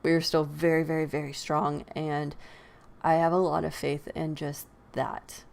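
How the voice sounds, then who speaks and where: Deep-voiced and gravelly, speaking a little slowly, a US podcast host shares casual opinions. She's animated, laughs often, and sighs.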